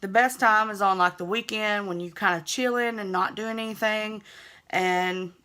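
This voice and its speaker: A woman's voice: mid-range voice, steady tone, moderate pace, pushed and bright. Young southern woman talking through her makeup routine, chatty and laid back, pokes fun at herself. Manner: chatty, easygoing, self-teasing. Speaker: beauty vlogger. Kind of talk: makeup tutorial narration.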